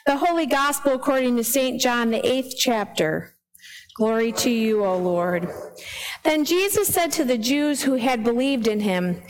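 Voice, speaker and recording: Woman preacher, somewhat high voice, sermon with a story, long church reverb. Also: lively intonation, a little slow. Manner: storytelling, asks the congregation questions. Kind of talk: gospel reading and sermon.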